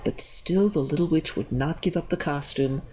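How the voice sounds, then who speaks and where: An older woman reading a picture book aloud, slow and expressive. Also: low voice, a little hiss or hum. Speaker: storybook reader.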